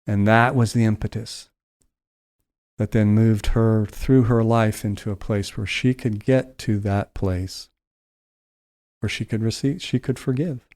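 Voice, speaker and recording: Soft-spoken man telling a moving story. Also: fairly low pitch, steady tone. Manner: slows down and softens for emotional moments. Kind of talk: heartfelt storytelling.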